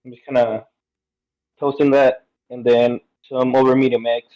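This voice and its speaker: A man's voice: medium pitch, level tone, moderate pace, dull audio. A man joining a podcast as a caller, chatting easily. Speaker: guest caller. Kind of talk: casual chat.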